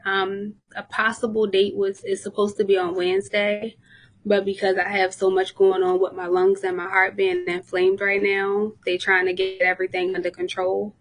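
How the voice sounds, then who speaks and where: A woman's voice: medium pitch, a bit bright, rough recording. Female guest, unwell, calling in from a hospital room, candid and talkative. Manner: candid storytelling, many "like"s. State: ill, in a hospital bed. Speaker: podcast guest. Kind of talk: casual interview chat.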